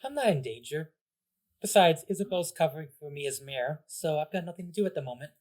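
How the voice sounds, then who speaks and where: A man's voice: fairly high pitch, animated, quick pace, darkish tone, pitched above the performer's own voice, natural voice. A man voicing a cheerful small female villager mayor, casual and upbeat. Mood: breezy.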